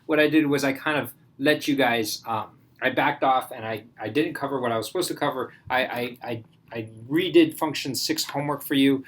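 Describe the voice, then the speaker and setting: Male math teacher, relaxed classroom lecture, thinks aloud and checks in with students often. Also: mid-range voice. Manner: casual, thinks aloud, asks the class questions.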